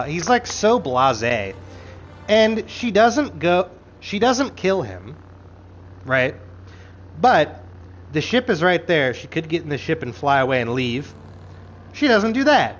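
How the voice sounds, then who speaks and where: A man with a fairly high voice rants through a casual show recap, swearing freely and jumping into quoted asides. His delivery swings from low mutters to loud, exasperated peaks. Faint music plays behind him. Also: very animated, slow, pauses often, poor audio. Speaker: show reviewer.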